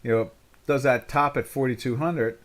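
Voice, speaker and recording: A man's voice: medium pitch, steady tone, normal speed. An older man from the United States hosting a live trading webinar, rambling through market commentary with lots of fillers and restarts. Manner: rambling, full of "you know" fillers and restarts.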